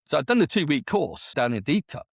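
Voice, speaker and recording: A man's voice: on the high side, sing-song, fairly quick, creaky, dry recording, clean studio sound. A man in his forties from the United Kingdom, an army veteran telling his story in a casual interview, chatty and full of quoted dialogue. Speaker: army veteran and business owner.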